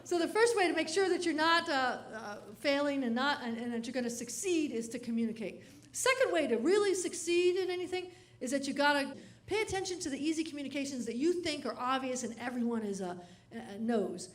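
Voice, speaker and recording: A woman comedian giving a keynote speech. She tells animated stories and laughs between lines. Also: high-pitched, a little fast.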